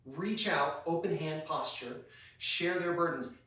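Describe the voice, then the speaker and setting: A man's voice: a little high, slow pace, fairly bright tone. A man preaching to a youth group, earnest and direct, asking the listeners many questions. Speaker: youth pastor. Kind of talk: youth sermon. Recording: very echoey room, voice from a distance.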